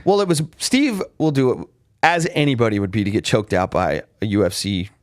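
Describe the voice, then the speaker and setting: A man's voice: fairly low pitch, expressive, a little fast, no room sound, studio quality. A man hosting a casual fight recap podcast, telling rambling backstage stories with many restarts and fillers. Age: adult with a father. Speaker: podcast host. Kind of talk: casual chat.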